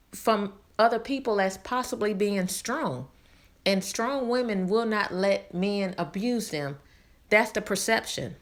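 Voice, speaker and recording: Woman channel host, candid personal talk, earnest, repeats for emphasis, medium pitch.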